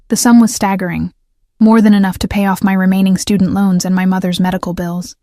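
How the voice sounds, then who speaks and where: Woman, audiobook narrator, first-person romance, measured delivery, mellow tone, dry close mic. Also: medium pitch, flat delivery, dry recording.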